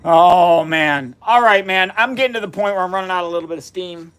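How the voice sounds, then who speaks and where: A man's voice: high voice, fairly quick, fairly bright tone, smooth. A man in his fifties hosting a live science stream from his basement, chatting in an upbeat, folksy way and greeting viewers by name. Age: 50s. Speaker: science livestream host. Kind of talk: casual live-stream chat. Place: home basement.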